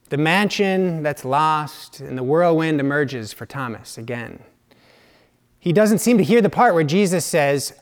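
A man preaching a sermon in a slow, reflective way, dropping now and then to hushed asides. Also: on the high side, lively intonation.

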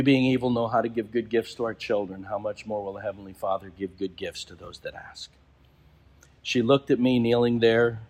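Bishop giving a sermon, husky low voice, storyteller who slows for weight. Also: male voice. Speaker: bishop preaching.

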